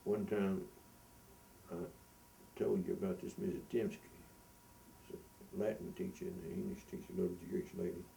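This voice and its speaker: Older man spinning a yarn, low gravelly voice, noisy distant recording. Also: normal speed, long pauses. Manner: animated anecdote telling, chuckles. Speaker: interviewee, former school custodian. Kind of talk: storytelling interview. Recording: distant mic with background noise.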